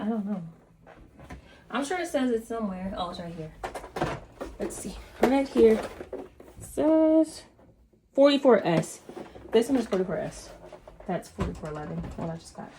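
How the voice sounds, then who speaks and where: A woman vlogger chatting casually and gushing excitedly while unboxing a sewing machine. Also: mid-range voice, background noise.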